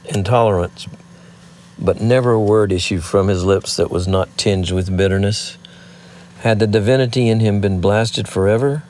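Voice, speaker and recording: A man narrating an audiobook in a measured, even reading. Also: low voice, slight background noise. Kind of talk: scripted narration.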